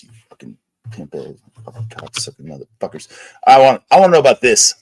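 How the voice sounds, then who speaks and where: A man's voice: lowish voice, sing-song, moderate pace, slightly rough. A man hosting a livestream, ranting crudely and swearing constantly in casual chat. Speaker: livestream host. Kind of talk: casual profane streaming rant.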